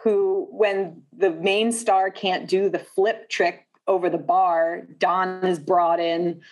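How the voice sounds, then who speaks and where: A woman's voice: on the low side, level tone, takes it slowly, darkish tone. A woman hosting a casual film discussion, leading with thoughtful questions and frequent filler sounds. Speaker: podcast host.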